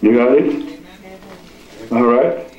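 Preaching male pastor in an echoey church. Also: mid-range voice. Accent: Chicago. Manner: call-and-response preaching, reads scripture slowly. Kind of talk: preaching sermon. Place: church sanctuary. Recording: echoey church, muffled lo-fi sound.

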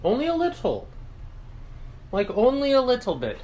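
A man making a casual phone vlog, hyped up and swearing, with loud exclamations as he talks. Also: very high-pitched, huge pitch swings, moderate pace. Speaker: streamer.

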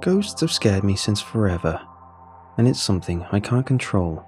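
A man reading a first-person horror story in a steady, measured storytelling voice. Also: fairly low pitch, faint music behind. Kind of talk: scripted horror narration.

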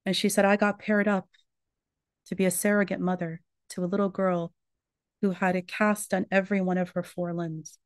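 A woman's voice: fairly low pitch, little pitch movement, moderate pace, dry recording. A woman giving a religious lecture, earnestly retelling a survivor's story in her own words.

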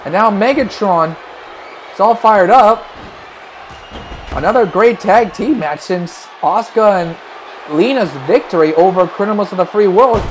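A man calling wrestling play-by-play, excitable and breaking into shouts at big moves. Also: high-pitched, measured pace, a little hiss or hum, rough recording. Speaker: play-by-play commentator.

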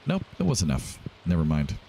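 A man's voice: deep voice, huge pitch swings, brisk, gravelly, noisy background. A man hosting a let's play, chatting casually and thinking aloud as he plays. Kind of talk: casual gameplay commentary. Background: game music.

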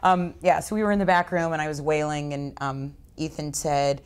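Animated woman telling a story. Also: deep voice, normal speed, few pauses, smooth. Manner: animated storyteller who acts out quotes with laughs. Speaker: actor interviewed as a guest. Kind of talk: casual anecdote telling. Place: festival press interview room.

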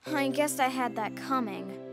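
A woman voicing an earnest teenage witch girl who directs the school play in a cartoon. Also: high voice. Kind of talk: cartoon voice acting.

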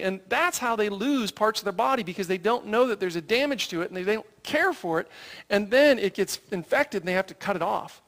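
An animated preacher telling a story from the pulpit, the voice rising and falling widely in a lively, expressive way. The delivery keeps checking in with listeners through rhetorical questions and quick "right?" tags. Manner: acts out quoted voices in a raised pitch. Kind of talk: sermon.

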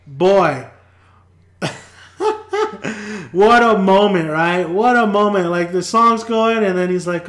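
A man hosting a casual TV review, retelling scenes in an animated way and acting out characters' lines. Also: sits high, slow, long pauses, echoey room. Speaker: TV review host. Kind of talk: casual spoken TV recap.

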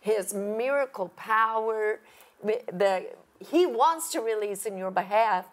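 A woman's voice: mid-range voice, slow. A woman co-hosting a faith talk show, affirming and echoing the preacher's words. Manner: affirming, echoes the speaker's words.

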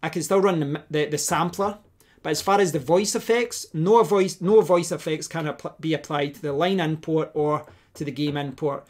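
A man with a fairly high voice walks through a hands-on tech demonstration at his desk. He thinks aloud as he plugs and unplugs cables, often restarting his sentences. The delivery is relaxed and conversational, spoken into a desk microphone. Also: moderate pace. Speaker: tech tutorial host. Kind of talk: casual demonstration tutorial. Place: home desk setup. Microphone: desk microphone, switching between mics.

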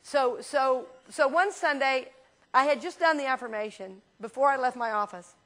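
A woman minister teaching a class in a church, talking casually and telling lively anecdotes with frequent restarts. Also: high-pitched, normal speed. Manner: chatty, animated storyteller with frequent restarts.

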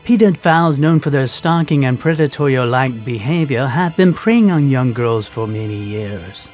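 A man narrating a mock safety film in a deadpan announcer tone. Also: medium pitch, normal speed, faint music behind.

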